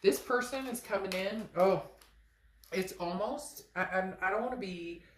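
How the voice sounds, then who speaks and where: A woman giving a casual tarot reading, frank and animated, sometimes swearing and acting out what people might say. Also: unhurried, echoey room, slight background noise. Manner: animated, frank, swears, acts out quoted lines in a high voice. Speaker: tarot reader.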